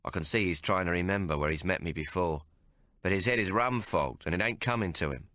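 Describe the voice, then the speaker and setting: A man narrating an audiobook in the first person with rough, colloquial frontier dialect. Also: sits low, a little fast, bright, forceful tone, no echo, clean studio sound.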